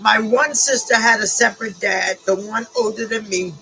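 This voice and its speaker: A woman telling a personal story from her own life. She talks in a halting, emotional way and often repeats herself. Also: a little high, fairly even intonation, vocal fry, pushed and bright, soft background music, low-quality recording.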